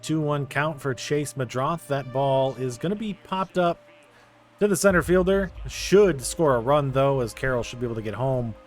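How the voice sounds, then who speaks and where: A young man narrating his baseball video game play by play, quickly getting frustrated at the game. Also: medium pitch, expressive, soft background music. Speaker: gaming YouTuber. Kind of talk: casual video game commentary.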